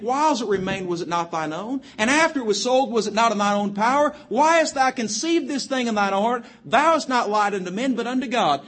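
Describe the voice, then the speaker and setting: An extremely high, fairly bright voice with lively intonation belongs to a man giving a sermon aimed at youth. He stresses chapter-and-verse references, listing them quickly, and recites scripture in King James wording.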